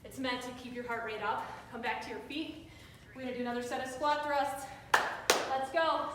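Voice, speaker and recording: A woman's voice: high voice, fairly even intonation, moderate pace, a bit bright, a little hiss or hum. A young woman leading a workout, giving upbeat encouraging cues and counting down reps while out of breath. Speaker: fitness instructor. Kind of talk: live workout coaching. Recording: echoey room with reverb, mic far off.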